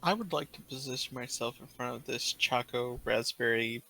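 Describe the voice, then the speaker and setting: A man's voice: medium pitch, normal speed, vocal fry, sharp tone, low-quality recording. A man playing a tabletop game, laying out his character's actions step by step. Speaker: player. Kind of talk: casual tabletop play.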